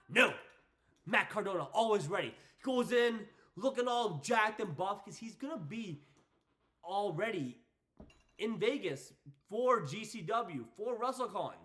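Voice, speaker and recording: A young man talks through his predictions in a high, bright voice that swings up and down. He gets excitable and repeats his lines to hype his picks. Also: measured pace. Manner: excitable, hyping things up with repeated phrases. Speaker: wrestling channel host. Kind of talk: casual predictions vlog.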